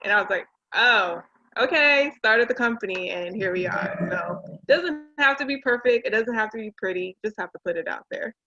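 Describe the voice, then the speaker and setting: A woman's voice: medium pitch, a little fast, few pauses, highs cut off. A woman in her thirties, a realtor and business owner, chatting casually and acting out the people she quotes. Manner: animated storyteller acting out quotes. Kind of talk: casual conversation.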